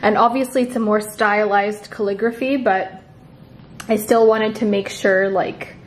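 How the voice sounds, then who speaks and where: A young woman vlogging casually from home, bubbly and excitable, sometimes softly emotional. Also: mid-range voice, a little slow, echoey room, a little hiss or hum. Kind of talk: casual vlog chat. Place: at home, bedroom and kitchen.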